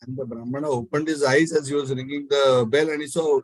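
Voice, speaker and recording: A man telling a devotional story in a talk, animated and acting out the characters. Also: medium pitch, fairly quick, hardly any pauses, no echo, poor audio. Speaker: spiritual speaker.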